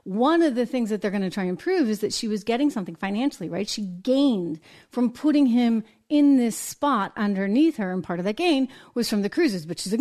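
A woman from the United States hosting a live political commentary show, talking in an animated way and acting out quotes in mock voices. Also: on the high side, a little fast. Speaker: host.

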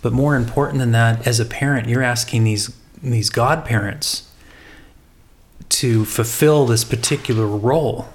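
A man's voice: mid-range voice, measured pace. A man co-hosting a casual faith podcast, talking reflectively with frequent restarts. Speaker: podcast co-host. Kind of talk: casual discussion.

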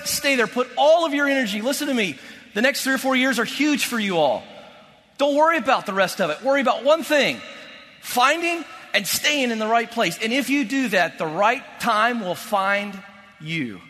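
Guy in his late 30s preaching to a crowd, bright voice, big swings loud to quiet. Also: high voice. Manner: emphatic, repeats key phrases, swings from loud to hushed. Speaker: motivational speaker. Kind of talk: faith-based motivational talk. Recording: long hall reverb.

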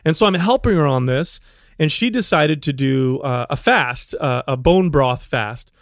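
A man's voice: on the high side, animated, measured pace, dry recording, studio quality. A man co-hosting a podcast, a fitness trainer explaining his approach in an earnest, rambling way. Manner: earnest, explanatory, many restarts. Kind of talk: casual podcast chat.

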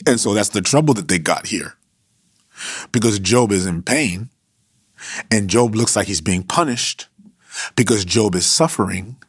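A man's voice: fairly low pitch, measured pace, long pauses, husky, no echo. A man preaching a sermon in a conversational, emphatic way with slangy asides.

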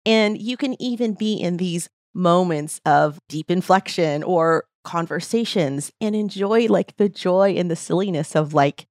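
A woman's voice: lowish voice, a little slow, hardly any pauses, a little mellow, dry recording, clean studio sound. A woman hosting a podcast in casual conversation, a bubbly storyteller who laughs often. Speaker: podcast host.

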